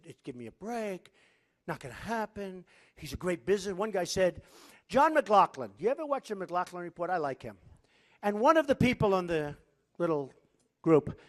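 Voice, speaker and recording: A man speaking at a political campaign rally, boastful and rambling, repeating himself as he riffs to the crowd. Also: high-pitched. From United States. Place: large indoor rally venue.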